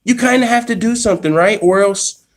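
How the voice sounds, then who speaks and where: A man hosting an MMA live stream from his workplace, telling the story casually in profane slang and restarting sentences as he gets excited. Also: high-pitched, brisk. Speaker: MMA channel host.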